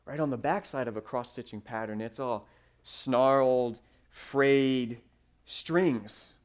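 A man preaching a sermon, telling stories with fillers and sudden swings in loudness. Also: mid-range voice, slow pace, smooth. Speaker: pastor.

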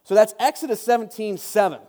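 Chatty high-voiced man in reverby room. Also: brisk, dark tone. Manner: chatty, self-interrupting, joking asides. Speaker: Bible teacher. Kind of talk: casual Bible study talk. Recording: long reverb.

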